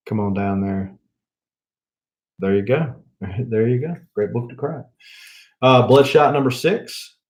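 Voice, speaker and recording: A man's voice: lowish voice, a little mellow. Rambling Southern man. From Mississippi. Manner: rambling, chuckling, drawn-out fillers. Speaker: comic book channel host. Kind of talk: casual rambling haul chat.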